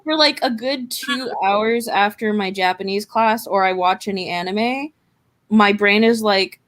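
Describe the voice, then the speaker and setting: A woman's voice: medium pitch, a little slow, a bit bright. Chatty woman from Arizona. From Arizona, USA. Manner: chatty, self-deprecating, rambling. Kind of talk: casual chat.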